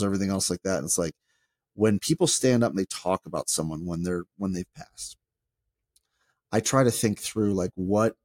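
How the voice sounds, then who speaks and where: A man, a former pastor, talking through ideas in a casual podcast chat, rambling and animated with many restarts. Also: on the low side, no room sound, clean studio sound.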